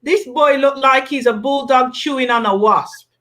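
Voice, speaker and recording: Woman host, high voice, blunt and emphatic, casual recap chat. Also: moderate pace, pushed and bright. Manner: emphatic, blunt, tags points with "yeah?".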